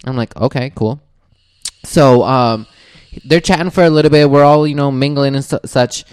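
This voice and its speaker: Animated man telling a story. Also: medium pitch, normal speed, smooth, dry recording. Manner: animated, acts out quoted voices, laughs often. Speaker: podcast host. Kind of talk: casual storytelling chat.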